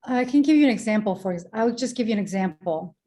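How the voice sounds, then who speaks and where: A woman in her thirties, a presenter and speaking coach, talking in an animated, projecting way on a remote call interview, explaining with examples. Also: medium pitch, fast talker. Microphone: remote call mic.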